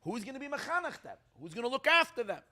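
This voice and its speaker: A man's voice: very high voice, big pitch swings, quick pace, sharp tone, voice pushed up, full character voice. A man voicing the ghost of a poor young teacher who tells his own story in an earnest, heartfelt way. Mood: sorrowful. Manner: heartfelt, earnest first-person telling.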